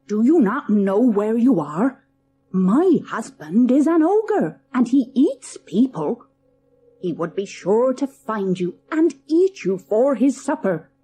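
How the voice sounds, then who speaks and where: A woman's voice: on the high side, very animated, takes it slowly, dark tone, a little hiss or hum, pitched above the performer's own voice. A woman voicing the anxious, kindly wife of an ogre, exclaiming fretfully.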